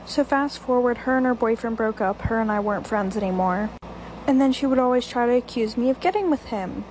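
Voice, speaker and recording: A woman's voice: a little high, brisk, darkish tone, slight background noise, rough recording. A young woman telling a personal storytime in a blunt, profane, chatty way. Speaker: storytime TikToker. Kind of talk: casual storytime monologue.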